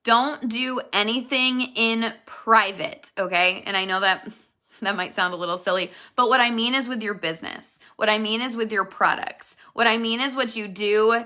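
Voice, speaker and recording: Speaking at a moderate pace in a slightly high, sharp-toned voice, a woman in her thirties leading a network marketing team motivates her business team earnestly and emphatically, going over her key points again and again.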